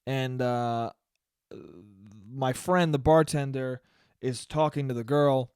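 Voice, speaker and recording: A young man hosting a solo podcast, telling stories in a sarcastic, animated way and mocking people with quoted voices. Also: medium pitch, slow, clear, resonant tone, no room sound, clean studio sound. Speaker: podcast host. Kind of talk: solo comedic podcast rant.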